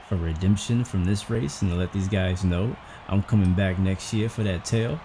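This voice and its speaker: A low-voiced man gives casual, rambling commentary over a racing game, thinking out loud as he goes. He sounds out of breath and keeps a chatty, unhurried flow. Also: slight background noise. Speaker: gaming channel host.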